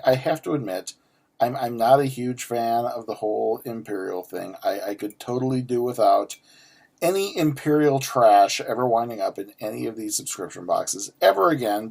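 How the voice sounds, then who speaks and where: A man's voice: mid-range voice, gravelly, darkish tone, slightly rough. A man in his forties unboxing a geek subscription box, ranting and swearing freely with many restarts and stammers. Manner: ranty, profane, sarcastic, frequent restarts. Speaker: unboxing vlogger. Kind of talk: casual unboxing chat.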